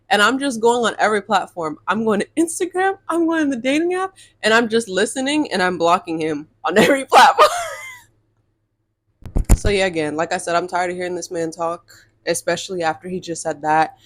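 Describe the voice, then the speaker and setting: A young woman in the middle of a casual storytime rant, her voice at an ordinary middle pitch for a woman. She talks to her viewers like friends, exasperated and animated, dropping curses as she goes. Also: normal speed. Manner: animated, exasperated, swears, addresses viewers as y'all. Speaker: storytime vlogger.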